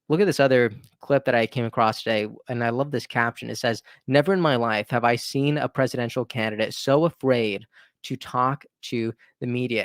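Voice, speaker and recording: In his own political commentary video, a man with a mid-range voice speaks casually, often restarting sentences and adding emphatic rhetorical asides. The audio is studio quality with no room sound.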